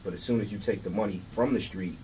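Low-voiced man, laid-back, heard from a distance. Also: fast, mellow, slight background noise. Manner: laid-back, repeats words, street slang. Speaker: record label guest. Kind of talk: casual interview chat.

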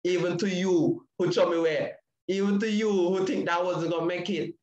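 A man's voice: high voice, fairly even intonation, brisk, darkish tone, roomy sound, muffled recording. A man giving an impassioned testimony in a repetitive preaching cadence. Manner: preaching cadence with repeated phrases. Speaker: panel speaker sharing testimony.

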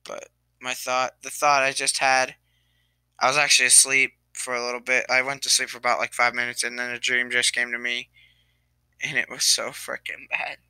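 Young male vlogger, crying and sighing through a halting apology; bright, smooth voice, dry close sound. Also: mid-range voice, completely flat delivery, no room sound. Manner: halting, trailing off, many restarts. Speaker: gaming YouTuber. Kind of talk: tearful apology vlog to camera.

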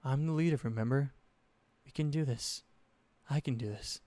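A man's voice: medium pitch, moderate pace, warm tone, no echo, lightly acted. A man voicing a young girl leading her team, shaky yet resolute, forcing bravery.

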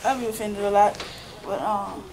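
Woman, church class member, animated storyteller, light laughter, faint hiss. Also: medium pitch, normal speed. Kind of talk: sharing in a church class discussion.

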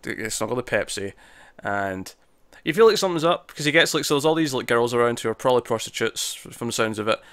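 A man's voice: mid-range voice, expressive, fast, hardly any pauses, fairly bright tone, no echo. A man co-hosting a casual review podcast, recorded dry and close with no room sound. He rambles through the plot, restarting sentences and voicing characters' lines as he goes. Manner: rambling recap with many restarts and quoted asides. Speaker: podcast co-host.

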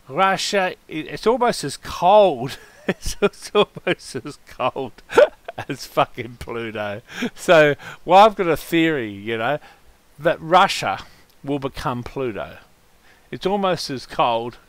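Recorded dry, a man with a mid-range voice talks casually as he waits for a game. Random facts get read out between crude curses and loud fits of laughter.

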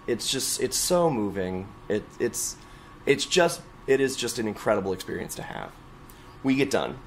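A young adult man, a choral conductor, telling stories in an oral history interview, lively and expressive as he quotes others. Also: on the low side, slight background noise.

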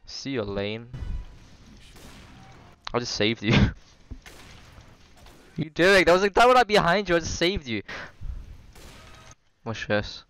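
A young man giving casual, excitable gameplay commentary, swearing and repeating quick callouts as he plays. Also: mid-range voice, smooth. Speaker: gamer streaming gameplay.

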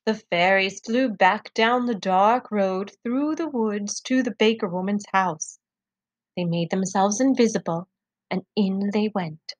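A woman reading a folktale aloud to children, expressive and measured. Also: medium pitch, no echo. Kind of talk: children's storybook read-aloud.

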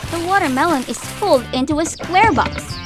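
A woman's voice: extremely high pitch, lively intonation, fairly quick, music in the background. A woman narrating a children's toy story, asking playful questions as she tells it.

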